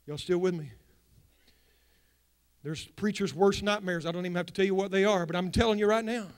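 A pastor with a notably high voice delivers a sermon in a church. He drops into quiet, confiding asides, then builds and rises to loud, ringing declarations. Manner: swings from hushed asides to loud rising preaching. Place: church sanctuary.

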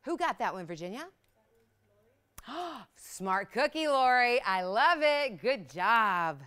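A woman hosting live jewelry sales, talking in fast, excited hard-sell patter. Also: fairly high pitch, clear, resonant tone. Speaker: shopping channel host.

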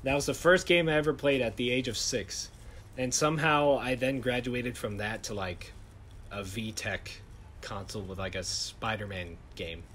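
A young man hosting a podcast, telling jokey, animated stories in casual chat. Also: mid-range voice, normal speed, slight background noise. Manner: animated, joking storyteller. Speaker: podcast host.

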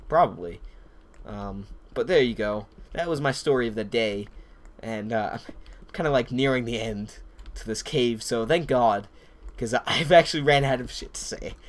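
A man chatting casually over his gameplay, rambling off topic with lots of swearing. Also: mid-range voice. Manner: rambling, profane, off-topic storytelling. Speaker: gameplay commentator. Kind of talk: casual let's-play commentary.

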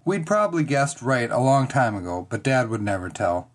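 Brief: lively, animated reader for a kids' chapter book, dramatic storyteller. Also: mid-range voice, normal speed, hardly any pauses. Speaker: audiobook reader. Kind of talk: children's chapter book reading, first person.

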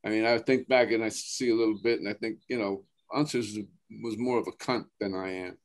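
A man with a New Jersey accent, a guest actor chatting casually, halting often and restarting his sentences, with plenty of swearing. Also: fairly low pitch, steady tone. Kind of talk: casual chat.

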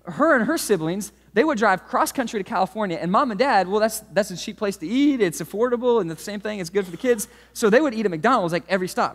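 A man in his thirties preaching a sermon, telling stories with lively swings from hushed asides to loud outbursts. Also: high voice, quick pace, few pauses. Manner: animated storytelling, swings from hushed to shouting. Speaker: pastor. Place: church auditorium. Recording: long hall reverb.

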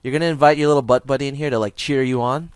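A young man calmly mocking an opponent in an online game voice chat, sarcastic and amused. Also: medium pitch, racing, clear, resonant tone, dry recording. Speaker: gamer and video maker.

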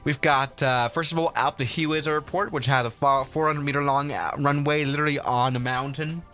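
A man's voice: on the high side, fairly even intonation, normal speed, a bit bright, soft background music. A man streaming a flight sim, chatting casually to viewers in a rambling way full of fillers and restarts. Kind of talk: casual live gameplay commentary.

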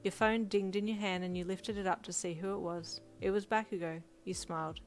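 A woman reading a second-person fan fiction story in an even, steady way. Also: mid-range voice, fairly quick. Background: faint music.

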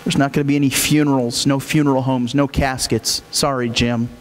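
A man's voice: medium pitch, little pitch movement, a little fast, soft background music. A male pastor preaching a sermon, emphatic and repeating his key phrases. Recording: echoey hall with faint hum.

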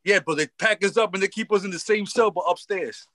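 A middle-aged man with a fairly high voice tells a story in heavy street slang, repeating phrases and acting out both sides of a conversation. The sound is dry, with no room echo. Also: fairly quick. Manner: animated, slangy, repeats phrases, acts out dialogue. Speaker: guest. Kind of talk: casual storytelling in an interview.

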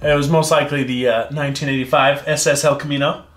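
A man's voice: mid-range voice, little pitch movement, fast talker, a bit bright. A man from the United States telling a long, rambling story with laughs as a guest on an interview show. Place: indoor set, eating spicy wings. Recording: roomy room with faint music.

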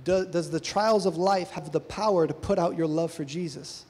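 A man preaches at a church service in a fairly high, mellow voice. He speaks earnestly and presses his listeners with questions. The sound carries a long reverb, as in a large hall. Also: normal speed, slightly rough. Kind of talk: sermon.

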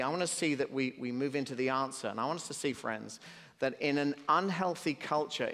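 British pastor preaching in a reverberant hall. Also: male voice, mid-range voice, a bit bright. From Britain. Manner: conversational preaching with humorous asides. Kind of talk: sermon.

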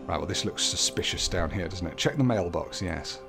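A man's voice: low voice, animated, fairly quick, gravelly, hardly any pauses. Chatty man hosting a puzzle game playthrough. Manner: chatty, reads on-screen text aloud with light jokes. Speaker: let's play host. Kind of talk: casual gameplay commentary. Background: game music.

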